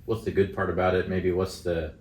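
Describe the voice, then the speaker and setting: A man's voice: low-pitched, little pitch movement, fairly quick, darkish tone, a little hiss or hum. A man interviewing a guest, asking questions in a hesitant, rephrasing way. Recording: roomy, distant mic.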